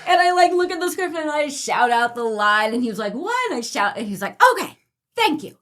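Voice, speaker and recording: A woman's voice: on the high side, fast, fairly bright tone. A woman who is a theater executive and former stage manager, telling a story on a casual podcast with lots of laughter.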